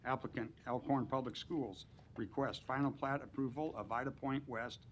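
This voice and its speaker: A man chairing a public planning board meeting, briskly calling motions and reading out case numbers. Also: mid-range voice, steady tone, muffled recording, slight background noise. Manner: brisk procedural, reads case numbers aloud. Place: council chamber.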